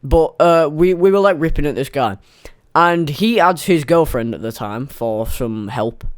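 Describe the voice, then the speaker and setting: A man's voice: a little high, lively intonation, a little slow, smooth, no echo, clean studio sound. A young man telling a rambling, sweary, self-mocking story in a casual storytime monologue.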